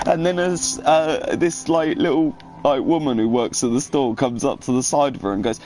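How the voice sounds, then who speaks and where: A man's voice: medium pitch, moderate pace, hardly any pauses, heavy background noise. A man in casual, rambling, profane chat, telling funny stories. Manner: rambling, profane, laughing storyteller. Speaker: streamer.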